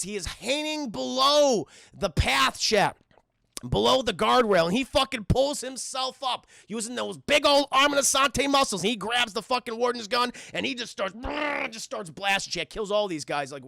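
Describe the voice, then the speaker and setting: Young male streamer, excitable and cussing, bright forceful tone; keeps talking to chat. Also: high voice, gravelly, no room sound, studio quality. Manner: rambling, excitable, curses, keeps addressing chat. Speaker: streamer reviewing films. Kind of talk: casual profane film recap to live chat.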